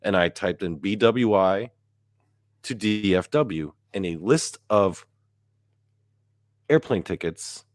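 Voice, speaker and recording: A young man telling a story in casual chat with a friend, animated and swearing freely. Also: low-pitched, slow pace, long pauses, no echo, studio quality. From Baltimore–Washington area, US. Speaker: podcast co-host.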